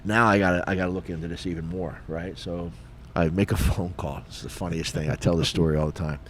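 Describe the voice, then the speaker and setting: A middle-aged retired police officer co-hosting a podcast, telling a story in a lively, casual way and acting out the dialogue. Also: male voice, deep voice, fast talker, slight background noise. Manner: animated, acts out dialogue, frequent fillers.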